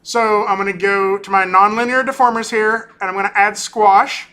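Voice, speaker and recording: A male animation instructor lecturing casually through a software demo, often ending points with "right?" and pausing on "um". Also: sits high, fairly even intonation. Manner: casual, talkative, keeps tagging on "right?"; frequent ums and restarts. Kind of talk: recorded class lecture with screen demo.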